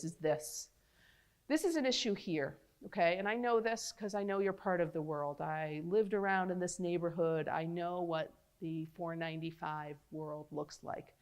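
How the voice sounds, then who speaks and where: Animated woman doctor lecturing a crowd. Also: medium pitch. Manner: animated, chatty, talks straight to the audience. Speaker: physician giving a public talk. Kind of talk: lively public health lecture.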